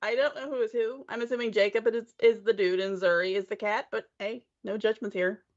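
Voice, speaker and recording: A woman co-hosting a casual podcast, easygoing and quick to laugh. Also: on the high side, steady tone. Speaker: podcast co-host. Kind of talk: casual live podcast chat. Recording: muffled lo-fi call audio.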